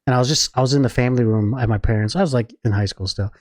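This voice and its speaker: A man's voice: medium pitch, racing, no echo, clean studio sound. A man co-hosting a casual podcast, telling a story animatedly, acting out other people's voices and laughing. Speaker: podcast co-host.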